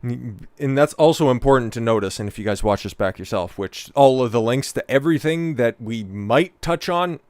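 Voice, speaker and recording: A man's voice: mid-range voice, animated, moderate pace, few pauses, darkish tone, no room sound. A man hosting a live stream, giving casual, sarcastic, profane commentary on a clip.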